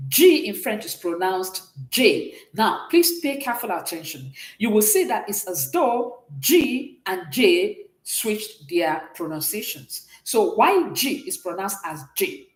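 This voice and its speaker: Woman teacher going over french letters, lots of ups and downs in her voice, kinda echoey room. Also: medium pitch. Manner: patient, repeats and checks understanding often. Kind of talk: classroom language lesson.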